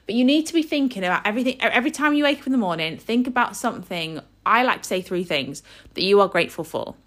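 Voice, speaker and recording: A woman in her thirties talks through her morning routine in a relaxed podcast monologue. She speaks earnestly and chattily, with her pitch sitting right in the middle for a woman's voice, and she keeps dropping "you know" and "like" into her sentences. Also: fast. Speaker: podcast host.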